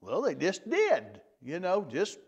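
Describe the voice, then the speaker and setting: A man teaches a Bible lesson in a folksy, unhurried way. His voice sits high and swings widely in pitch as he stops to repeat himself. The church recording sounds dull and lo-fi. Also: wildly swooping pitch, darkish tone, breathy edge. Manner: folksy, repeats words, restarts phrases.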